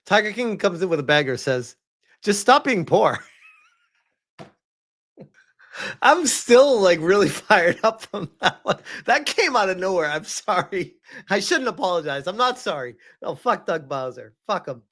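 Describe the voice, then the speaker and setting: A man's voice: sits high, very animated, a little slow, a bit bright. Fired-up, profane man ranting on stream. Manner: heated, profane, exasperated. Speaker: gaming streamer. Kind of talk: live stream rant.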